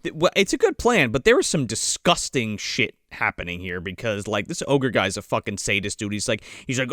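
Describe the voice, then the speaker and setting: Animated, profane male podcast co-host. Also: lowish voice, brisk, few pauses, no echo, studio quality. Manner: animated, profane, acts out characters. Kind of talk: casual chat.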